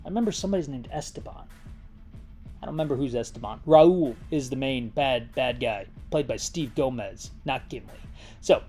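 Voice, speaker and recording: A man's voice: medium pitch, moderate pace, warm tone, faint music behind. A man hosting a comedic movie recap, rambling through the plot with jokey asides and restarts. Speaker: host.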